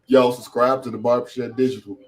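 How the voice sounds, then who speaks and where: A man, co-hosting a casual podcast, talking excitedly with frequent laughs and high, animated bursts. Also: brisk, slight background noise. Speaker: podcast co-host.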